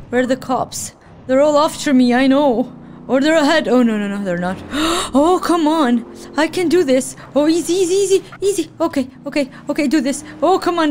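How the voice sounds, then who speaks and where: A woman hosting a let's play, excitable commentary full of gasps and laughs. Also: high-pitched, slight background noise. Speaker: gaming channel host.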